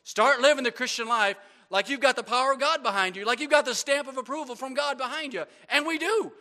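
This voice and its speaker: A man's voice: extremely high pitch, fast talker, pushed and bright. A man preaching a sermon as pastor, with frequent amens and repeated stumbles on words.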